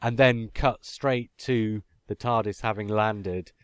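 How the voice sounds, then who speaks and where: A man's voice: lowish voice, steady tone, slow pace, clean tone, no room sound, studio quality. A man hosting a podcast, chatting casually and talking his points through at length. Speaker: podcast host.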